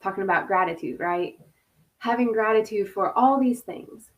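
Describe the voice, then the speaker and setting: A woman's voice: medium pitch, moderate pace. Chatty laughing woman hosting a live stream. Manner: chatty, laughing, uses "y'all" and "like" often. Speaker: host. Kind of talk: casual live-stream talk. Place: home, over video call.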